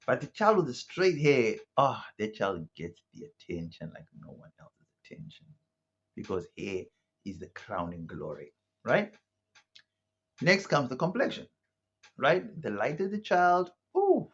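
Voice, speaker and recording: Male commentator from South Africa, husky and animated, casual chatty monologue, muffled lo-fi sound. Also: lowish voice. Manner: conversational, rhetorical asides, frequent "right?" and "you know". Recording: muffled lo-fi audio.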